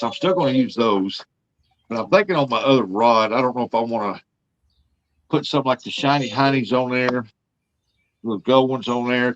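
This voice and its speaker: A man's voice: medium pitch, dry recording. Older man hosting a livestream, folksy and rambling, heard through dull, dry lo-fi audio. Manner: folksy, rambling, drawling talk. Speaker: livestream host. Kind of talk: casual livestream chat.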